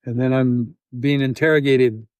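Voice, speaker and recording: A Canadian man telling a story in an interview, acting out scenes with sound effects and halting restarts. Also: mid-range voice, clear, resonant tone, dry recording, studio quality. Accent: Canadian English. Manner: animated, acts out scenes with sound effects and quoted voices. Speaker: interview guest, volunteer.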